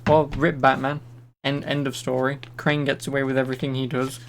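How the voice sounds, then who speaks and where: A man's voice: mid-range voice, flat delivery, fairly quick, slight background noise. A young man giving casual, joking gameplay commentary as a streamer, swearing freely. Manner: chatty, swears, jokes about the game.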